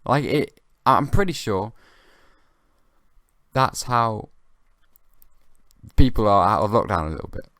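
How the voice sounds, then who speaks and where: A young man hosting his own comedy podcast, rambling in a halting, dry way with many restarts. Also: fairly low pitch, animated, a bit bright, no room sound. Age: young adult. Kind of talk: rambling comic monologue.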